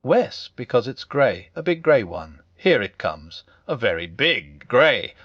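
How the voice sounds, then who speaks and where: A man voicing a small, timid male piglet who speaks in a nervous, squeaky rush. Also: sing-song, slow, no room sound, highs cut off. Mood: excited.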